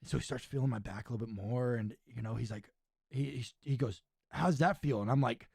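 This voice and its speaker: A man's voice: medium pitch, brisk, gravelly, breathy edge, dry recording, clean studio sound. A young man, a podcast host who wrestles, telling a story in casual chat with lots of "right?" and "dude.". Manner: animated storyteller, says "right?" and "dude" often.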